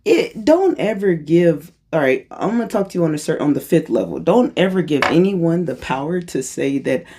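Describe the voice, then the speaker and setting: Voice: brisk, a little mellow, slightly rough. A spiritual channeler giving a casual freestyle monologue, rambling and correcting themselves, with a playful, self-mocking humor. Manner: playful and self-mocking, jumps into high-pitched voices for quotes; rambling, restarts and corrects itself.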